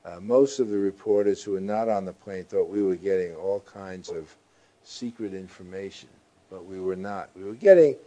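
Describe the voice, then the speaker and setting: An older man with a deep, mellow voice answers interview questions. He talks in a slow, halting way, full of pauses and restarts. He sounds like a seasoned journalist recalling his time on the job. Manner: halting, with frequent fillers and restarts.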